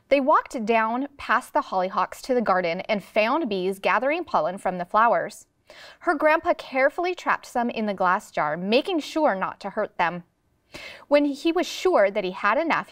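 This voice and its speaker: A woman teacher reading a picture book aloud to young students, giving the characters voices and pausing to prompt their thinking. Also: mid-range voice, no room sound, studio quality. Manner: expressive storybook reading with voices. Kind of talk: classroom read-aloud lesson. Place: studio classroom.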